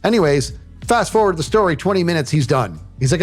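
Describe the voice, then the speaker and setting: A man telling a story on a livestream in a casual, animated way, often saying "dude" and acting out what people said. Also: fairly high pitch, a little fast, breathy edge, faint music behind. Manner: animated, says "dude" and "bro" often, acts out quotes.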